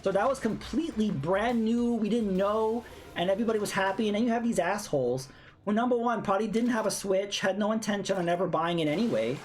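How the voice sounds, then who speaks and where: A woman's voice: mid-range voice, fast, a little mellow. A woman streamer ranting bluntly in casual chat while playing a game, swearing freely. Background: faint game music.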